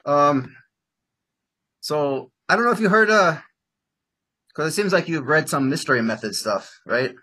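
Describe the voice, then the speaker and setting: A man coaching a client on dating, talking in a rambling, animated way full of "like" and acting out example lines. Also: unhurried, long pauses, husky. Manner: acts out example lines in bursts of higher pitch. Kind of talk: casual coaching session.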